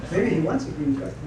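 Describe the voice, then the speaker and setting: Chuckling Filipino man telling anecdotes from afar. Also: a little high. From Philippines. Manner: rambling anecdotal storytelling, chuckling, mixing in Tagalog. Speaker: newspaper columnist. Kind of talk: informal press conference remarks. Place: press club gathering room. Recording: echoey, distant mic, noisy room.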